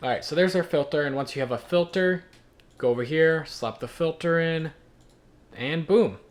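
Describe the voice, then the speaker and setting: A man's voice: fairly high pitch, normal speed. A young man from Ireland narrating and commenting on his gameplay in a joking, self-deprecating way. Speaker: gaming video host.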